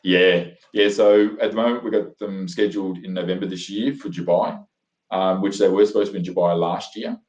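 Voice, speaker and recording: A man's voice: sits low, fairly even intonation, brisk, a little mellow, highs cut off. Enthusiastic Australian man, roomy echo. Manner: enthusiastic, rambling, lots of fillers and restarts. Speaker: guest. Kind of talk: animated storytelling in conversation.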